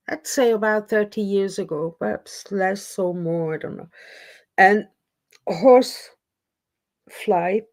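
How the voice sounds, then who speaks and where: A woman hosting a casual live stream chat, rambling and self-deprecating as she talks. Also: mid-range voice. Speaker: livestream host. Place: lives in Scotland.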